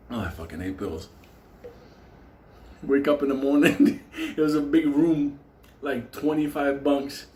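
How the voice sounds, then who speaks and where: A man's voice: on the high side, expressive, takes it slowly, long pauses, dark tone. Profane laughing New storyteller man. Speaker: channel host. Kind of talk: casual storytelling monologue. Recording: echoey room with faint ambience.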